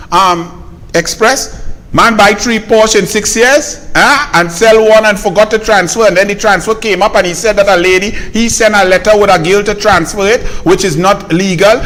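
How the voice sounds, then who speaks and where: A man's voice: high voice, fairly bright tone. A man with a Trinidadian accent, giving sarcastic, mocking political commentary. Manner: sarcastic, mocking, fast-talking.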